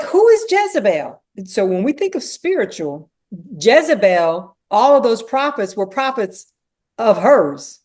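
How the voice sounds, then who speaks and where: Casting: woman teaching Bible study, lively and chatty, acts out lines. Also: fairly high pitch. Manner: animated, acts out dialogue, frequent "you know".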